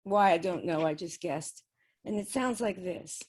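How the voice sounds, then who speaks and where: Speaking at a measured pace in a lowish, darkish voice, a woman tells an interviewer about her spirit communication experiments, with slight background noise audible. She keeps it chatty and laughs often between sentences.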